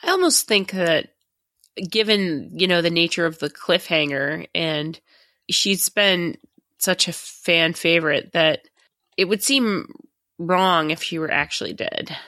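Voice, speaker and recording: A woman's voice: lowish voice, unhurried, pushed and bright, no echo, studio quality. A woman guest on a podcast, chatting casually and making playful jokes. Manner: joking, playful. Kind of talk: casual chat.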